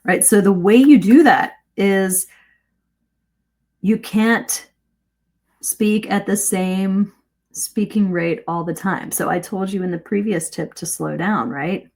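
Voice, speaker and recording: A middle-aged woman coaching English speaking in a live-streamed lesson, lively and shifting her pace and emphasis to demonstrate. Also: mid-range voice, takes it slowly.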